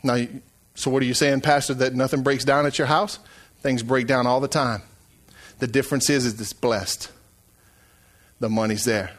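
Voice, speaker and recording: A middle-aged man preaching a sermon as pastor, swinging from hushed asides to loud, shouted calls. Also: medium pitch, fairly even intonation, moderate pace, long pauses.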